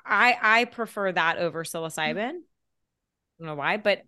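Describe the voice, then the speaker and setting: A woman's voice: on the low side, normal speed, bright, forceful tone, clear, resonant tone, no room sound, studio quality. A woman guest on a podcast, speaking bluntly and casually, often laughing. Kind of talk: casual conversational interview.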